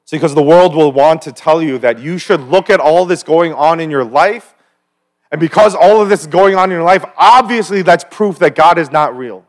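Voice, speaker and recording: A man's voice: on the high side, normal speed. A man preaching a conversational sermon at a church service, with personal stories and asides, building to emphatic rhetorical questions. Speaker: pastor.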